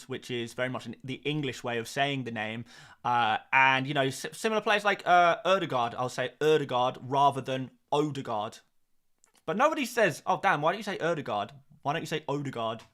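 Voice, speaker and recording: A man's voice: on the high side, a bit bright. Chatty man hosting a live stream. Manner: chatty, repeats phrases, frequent fillers and restarts. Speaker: host of a fantasy football live stream.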